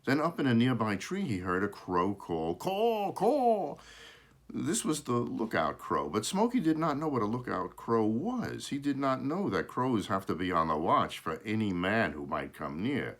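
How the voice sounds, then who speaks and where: With hardly any pauses and at a moderate pace, a man reads a kids' picture book aloud, his voice swinging up and down expressively. He drops in casual asides to show the illustrations and catches his small mistakes as he goes.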